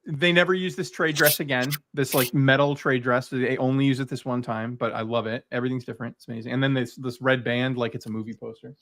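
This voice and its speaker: A man's voice: mid-range voice, fairly even intonation, fast, hardly any pauses, a bit bright. A man chatting casually and eagerly about his collection as a guest creator, rambling with lots of fillers. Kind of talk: casual video chat.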